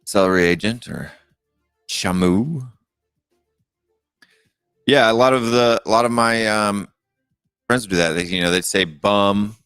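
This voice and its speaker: A man's voice: lowish voice, a little slow, long pauses, fairly bright tone, clean tone, no echo, studio quality, soft background music. A middle-aged man hosting a live call-in show, chatting casually and rambling with many fillers and restarts. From United States. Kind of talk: casual live-stream chat.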